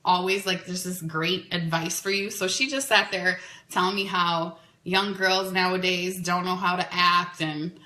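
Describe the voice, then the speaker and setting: A woman's voice: on the low side, measured pace. A woman hosting a podcast, telling a dating story in a chatty way, full of "like"s. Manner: chatty, animated, many "like"s. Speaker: podcast host. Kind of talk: casual storytelling. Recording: echoey room.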